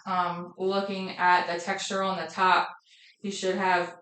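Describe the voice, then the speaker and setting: Woman narrating an exam, flat tone. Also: lowish voice, a little slow. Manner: methodical, listing findings with filler ums. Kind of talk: narrated head-to-toe exam demonstration. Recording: echoey room.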